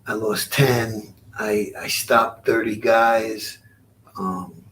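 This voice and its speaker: A man in his sixties, a former boxer, telling stories as an interview guest in a halting, rueful way, often repeating his words. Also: fairly low pitch, steady tone, a bit bright, recorded from a distance, slight background noise. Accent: Rhode Island. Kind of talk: storytelling interview.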